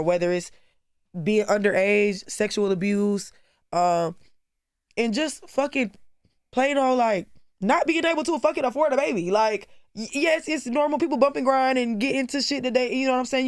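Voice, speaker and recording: A woman's voice: medium pitch, smooth, no room sound, studio quality. A young woman speaking as a guest in a candid interview, blunt and profane, rambling with many fillers. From Atlanta. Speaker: rapper guest.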